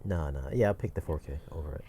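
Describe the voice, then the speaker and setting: Easygoing male co-host, warm mellow tone, relaxed delivery. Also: a bass voice, quick pace, husky. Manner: laid-back, easygoing agreement. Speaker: podcast co-host. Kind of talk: casual chat.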